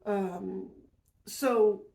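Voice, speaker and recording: Rambling woman with a gravelly, roomy voice. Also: medium pitch, steady tone, extremely slow, mellow. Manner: rambling, with frequent self-corrections and asides. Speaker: podcast host. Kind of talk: casual personal storytelling. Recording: roomy echo.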